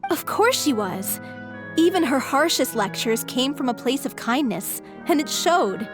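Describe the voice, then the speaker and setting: A woman voicing a gentle young female troupe member in a video game, speaking in a wistful, affectionate way. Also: high voice, sing-song, unhurried. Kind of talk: game voice acting. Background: game music.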